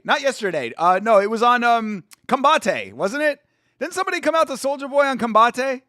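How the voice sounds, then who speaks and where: A young man hosting a casual live watch-along stream, chatty and excitable, full of slang and swearing. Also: very high voice, normal speed, no room sound, studio quality. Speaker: stream host.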